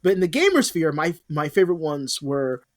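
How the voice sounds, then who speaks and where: Co-host, male, higher voice, rambling and sweary, dry sound. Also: sing-song, brisk, no echo. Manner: rambling, profane, many restarts. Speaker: podcast co-host. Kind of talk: casual chat.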